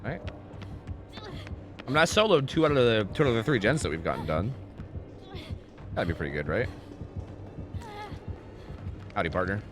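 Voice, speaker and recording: A man streaming a game live and chatting with viewers, excitable and profane, swinging between loud pleading and low mumbling. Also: moderate pace, pauses often, music in the background. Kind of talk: live gaming commentary with chat.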